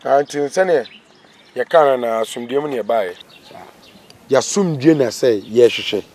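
A man's voice: medium pitch, normal speed, a little mellow, natural voice. A man playing a timid, begging young man. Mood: pleading. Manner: begging, stammering.

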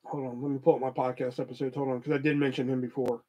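A man's voice: medium pitch, level tone, very fast, warm tone, lo-fi sound. A young man hosting a podcast, telling a story in a loose, profane, rambling way full of fillers. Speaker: podcast host. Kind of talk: casual storytelling.

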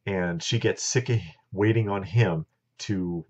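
A middle-aged man with a low, husky voice tells a story to his viewers in a casual monologue. He is blunt and opinionated. The recording is dull and lo-fi. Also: unhurried, darkish tone. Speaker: vlogger.

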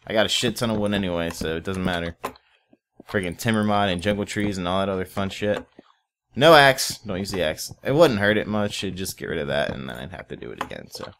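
Young man, low voice, casual game commentary, rambling, swears offhand, talks to his viewers. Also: expressive, a little fast, creaky, fairly bright tone, slight background noise. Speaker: Let's Play host.

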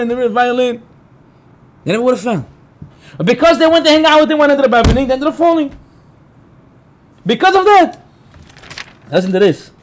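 A rabbi giving a spirited Torah class, his voice pitched high for a man and swinging widely up and down. He tells stories with gusto, acts out the people in them and turns to the room with quick questions. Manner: animated storyteller, acts out quotes; talks to the room, asks the listeners. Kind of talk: Torah class talk to a live group.

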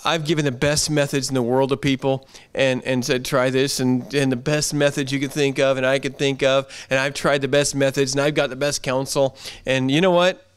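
A man's voice: mid-range voice, flat delivery, normal speed, few pauses, clean tone. A pastor giving an earnest, conversational sermon in a church, often repeating his phrases.

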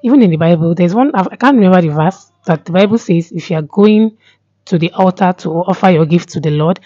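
A young woman talking straight to camera in a casual vlog, earnest and repetitive, pausing often with "um". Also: on the low side, dark tone, dry recording. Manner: earnest, repeats herself, many pauses with um. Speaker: vlogger. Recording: dull lo-fi sound.

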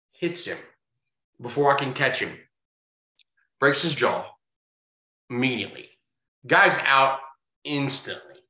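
Bouncer guy telling a bar story, cusses a lot, bright voice, kinda muffled roomy recording. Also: mid-range voice. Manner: swears freely, acts out quoted voices. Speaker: podcast guest, bar bouncer. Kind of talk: casual storytelling. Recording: roomy, dull-sounding.

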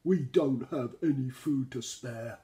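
A man voicing a stingy male monkey who grumbles loudly. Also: extremely high pitch, animated, normal speed, voice pushed up. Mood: grumpy.

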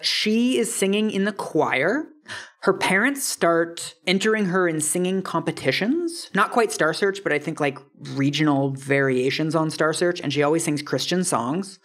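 Low-voiced woman hosting a podcast. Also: moderate pace. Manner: chatty, retells a book with many "like" fillers. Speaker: podcast host. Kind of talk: casual conversational storytelling.

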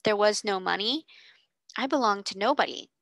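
A woman reading aloud, voicing a composed orphan girl with a soft, quietly firm manner. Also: medium pitch, normal speed, no echo, close to an everyday voice. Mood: earnest.

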